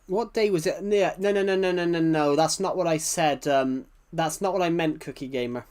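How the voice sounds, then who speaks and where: Chatty British male streamer, slightly high. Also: moderate pace, darkish tone, clean tone. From United Kingdom. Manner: rambling, answers chat, frequent restarts. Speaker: game streamer. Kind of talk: casual live-stream chat.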